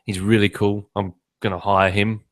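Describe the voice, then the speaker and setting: Low-voiced joking male podcast co-host. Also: flat delivery, normal speed. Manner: chatty, jokey storyteller with frequent fillers. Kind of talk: casual chat. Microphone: remote call, some echo.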